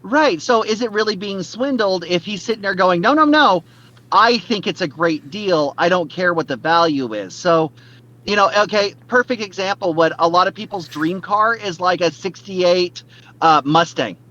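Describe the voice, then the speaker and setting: Podcast co-host, man, slightly high voice, rambling casual delivery, dull lo-fi sound. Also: normal speed, bright, forceful tone. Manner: rambling, lots of fillers and restarts. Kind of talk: casual chat.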